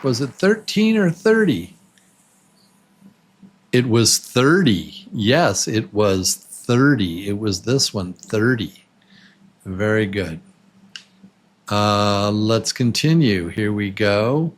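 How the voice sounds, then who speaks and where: A man teaching English to absolute beginners, patiently repeating words slowly and counting syllables with the listener. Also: fairly low pitch, animated. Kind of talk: slow, clearly spoken beginner English lesson.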